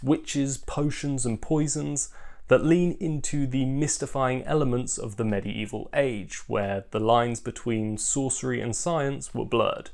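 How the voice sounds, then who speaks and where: A man's voice: medium pitch, measured pace, vocal fry, darkish tone. A young man narrating a scripted book review video with wry, dry asides.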